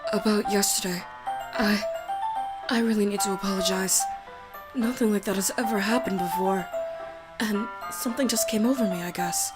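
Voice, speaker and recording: A woman's voice: mid-range voice, fairly even intonation, normal speed, loud music behind the voice, lightly acted. A woman doing a shy, stammering teenage girl. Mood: timid. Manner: soft, hesitant, stammering. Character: shy, timid teenage girl club member. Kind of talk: reading visual novel dialogue aloud.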